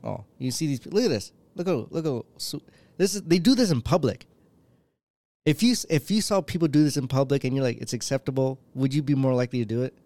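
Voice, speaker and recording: A man's voice: mid-range voice, animated, quick pace, warm tone, dry recording. Teasing young man, casual chat. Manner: playful, teasing, laughs often.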